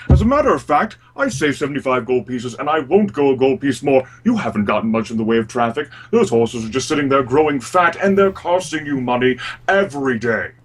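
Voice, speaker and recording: A man's voice: mid-range voice, pitched above the performer's own voice, natural voice. A man voicing a proud veteran male warrior who haggles stubbornly and boasts of his past, in a tabletop game.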